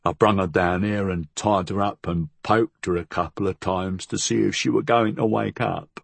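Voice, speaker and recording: A man voicing a big, brooding working-class tavern keeper who talks in a rough dialect. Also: low-pitched, steady tone, normal speed, dry recording, heavily acted. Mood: confessing.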